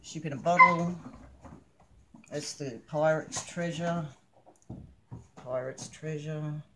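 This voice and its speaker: A woman giving a casual home video tour of her collection, naming the items one by one in a halting way. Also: low-pitched, fairly even intonation, very noisy.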